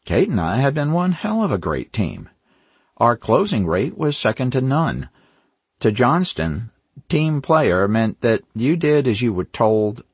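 A man's voice: on the low side, breathy edge, dry recording. A man narrating a first-person crime novel in a wry, hard-boiled manner with dry asides. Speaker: audiobook narrator.

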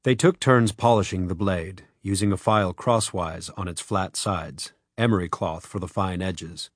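In a deep voice, this man gives scripted audiobook narration, telling the story in a measured, even way. There's no room sound, and the audio is studio quality.

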